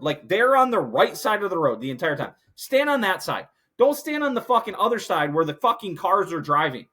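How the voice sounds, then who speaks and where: A man's voice: sits high, sing-song, fairly quick, hardly any pauses, bright, forceful tone. A young adult man from the United States hosting a casual sports podcast, rambling and cursing freely, getting heated when he rants. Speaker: podcast host.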